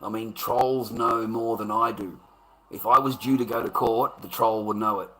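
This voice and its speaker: A man's voice: fairly low pitch, fairly even intonation, moderate pace, fairly bright tone, low-quality recording. A man ranting casually to his chat, profane and repetitive, calling listeners mate and brother. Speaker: livestream host.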